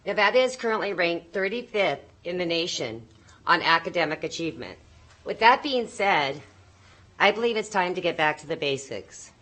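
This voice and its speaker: A woman's voice: on the low side, lively intonation, normal speed, sharp tone. A woman, a mother, giving a nervous, emotional public comment at a board meeting and pleading with the board.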